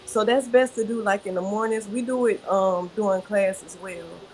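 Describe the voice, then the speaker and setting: A woman yoga teacher giving calm, guiding breathing instructions in an interview over a video call. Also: medium pitch, moderate pace, a little hiss or hum. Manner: calm, guiding, soft-spoken.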